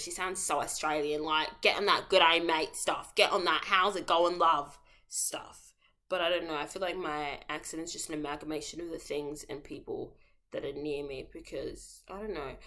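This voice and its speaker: A woman's voice: fairly low pitch, a bit bright. A young adult woman vlogging in a casual, rambling monologue, full of playful slangy asides and self-interruptions. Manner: rambling, self-interrupting, jumps between topics.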